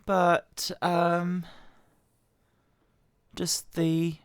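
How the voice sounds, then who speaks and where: Hoarse woman reading slowly, close-miked. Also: completely flat delivery, dry recording. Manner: quiet, halting, voice wobbling in pitch. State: hoarse from a bad cold. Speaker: Bible reader. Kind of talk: slow scripture reading. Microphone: very close to the microphone.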